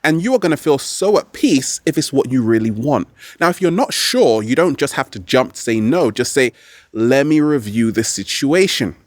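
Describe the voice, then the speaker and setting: Animated man. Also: medium pitch, brisk, hardly any pauses, no room sound. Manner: animated, playful, slips into exaggerated quoted voices. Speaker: vlog host. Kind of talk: motivational talk to camera. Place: outdoors in nature.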